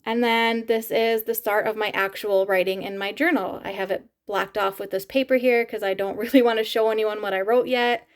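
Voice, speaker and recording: A woman's voice: mid-range voice, steady tone, fairly quick, hardly any pauses. A woman in her thirties vlogging casually to camera, chatty and laughing often between words. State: teary, crying while laughing. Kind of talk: casual vlog talk to camera.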